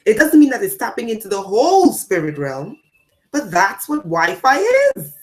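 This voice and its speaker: A woman serving as a spiritual teacher gives a talk to her audience in a sing-song voice at normal speed. She repeats phrases for emphasis and swings between loud declarations and quiet asides.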